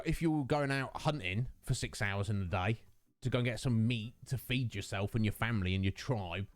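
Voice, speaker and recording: With a medium-pitched voice and no echo, a young man hosts a casual stream, chatting with viewers. He rambles, uses lots of fillers, and tosses in self-mocking asides.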